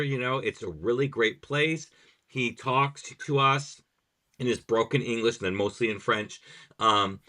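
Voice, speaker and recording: A man hosting a podcast, chatting casually and telling stories with lively enthusiasm. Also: mid-range voice. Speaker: podcast host.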